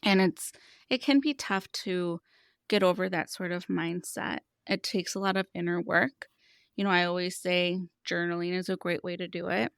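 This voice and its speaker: Low, gravelly-voiced woman in her thirties. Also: moderate pace, no room sound, studio quality. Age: 30s. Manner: storytelling, earnest and explanatory. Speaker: money coach guest. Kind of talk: casual podcast conversation.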